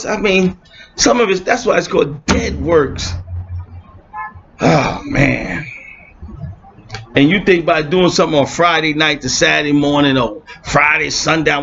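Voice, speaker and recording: A man in an impassioned religious rant, streetwise and mocking, swinging between shouting and muttering. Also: on the high side. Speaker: religious video blogger. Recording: muffled lo-fi with faint hiss.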